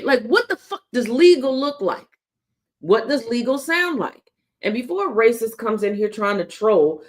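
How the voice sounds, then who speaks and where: A woman hosting a daily news commentary show, talking bluntly and sarcastically with plenty of profanity. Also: fairly high pitch. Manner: taunting, confrontational. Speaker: host.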